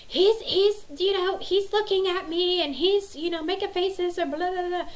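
A woman imitating her emotional young daughter in a high, shrill, complaining voice. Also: steady tone, normal speed, rough recording. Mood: whining.

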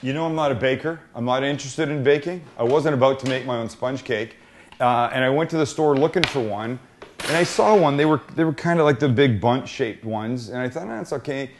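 A man hosts a cooking segment, joking with his guests and talking himself through each step as he goes. His voice sits at an everyday middle pitch, with a faint hiss of noise behind it. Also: fairly quick. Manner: joking, thinking aloud while cooking. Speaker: cooking show host. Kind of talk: casual cooking chat.

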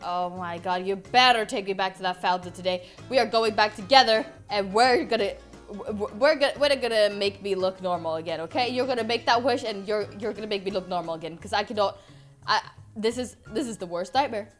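With soft music playing, a gaming YouTuber briskly voices a fed-up mom who has become a monster. Her medium-pitched delivery is dramatic and exasperated, full of repetition.

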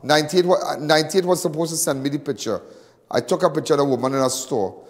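A middle-aged man with a Trinidadian accent, hosting and speaking to viewers in an impassioned monologue, repeating himself and swinging between loud and hushed. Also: a little high, quick pace, in a large hall. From Trinidad and Tobago. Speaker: host.

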